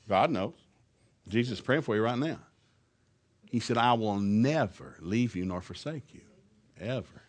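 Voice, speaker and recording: A man preaches a sermon to a congregation in a homespun, emphatic voice. He chuckles between lines, then climbs to loud, fervent peaks whenever he quotes scripture. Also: mid-range voice. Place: church service before a congregation.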